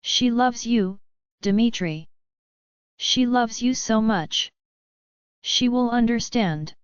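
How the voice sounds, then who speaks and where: A woman voicing a young man who calmly reassures a worried friend. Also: a little high, takes it slowly, clean tone, dry recording, highs cut off. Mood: reassuring.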